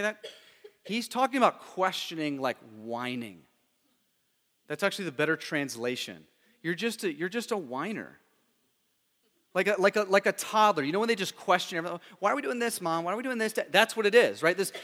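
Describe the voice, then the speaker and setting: A bright, forceful male pastor with a high voice delivers a casual, animated sermon, tossing rhetorical questions at his congregation. His voice rings with a long reverb from a large church hall. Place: church sanctuary.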